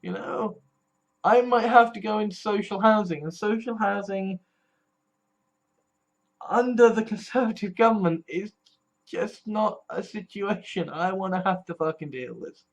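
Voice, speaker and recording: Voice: mid-range voice, unhurried. A vlogger talking anxiously about the future, swearing often and restarting phrases, scared and distressed. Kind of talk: personal political vlog.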